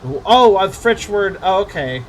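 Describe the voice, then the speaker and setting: A man's voice: sits high, lively intonation, unhurried, slight background noise. A man giving casual, chatty let's-play commentary, swearing and joking as he plays. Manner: chatty, swears, laughs easily. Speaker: gamer.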